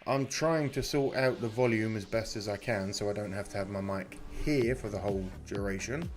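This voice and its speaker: A man's voice: on the low side, normal speed. A British man hosting a live stream, chatting casually, greeting viewers by name and apologising for his mic volume while in some pain from a muscle injury. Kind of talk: casual live-stream chat reading comments. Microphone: close desk mic.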